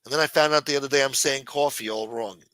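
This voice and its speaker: A man's voice: medium pitch, fast talker, a bit bright, no echo. A man from New York with a New York accent hosting a late-night show, rambling and swearing in a sarcastic casual monologue. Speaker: host.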